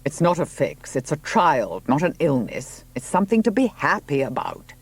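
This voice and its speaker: A man reading the part of a blunt but kindly country gentleman who speaks dryly and placidly. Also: a little high, sing-song, normal speed, breathy edge, voice pushed up, full character voice.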